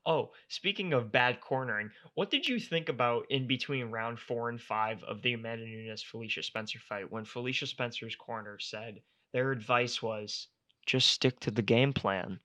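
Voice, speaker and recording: A man's voice: mid-range voice, normal speed, hardly any pauses. A young man co-hosting a casual podcast, ranting in exasperation and swearing freely. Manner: animated, exasperated ranting with profanity. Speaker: podcast co-host. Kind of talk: casual chat.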